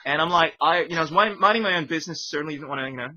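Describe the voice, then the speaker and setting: A man telling a story in casual podcast chat, animated, jumping into other people's voices and sudden shouts. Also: on the high side, racing, highs cut off, a little hiss or hum. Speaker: podcast co-host.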